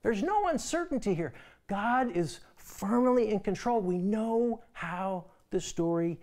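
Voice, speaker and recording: A male pastor preaching a sermon in a conversational way, often repeating words as he starts a phrase and dropping to a soft, quiet voice for emphasis. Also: sits high, expressive, a little slow.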